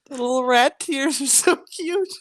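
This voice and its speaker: Co-host, woman, slow and even, dry close sound, short interjections. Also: sits high, dry recording. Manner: short chiming-in remarks. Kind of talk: casual chat.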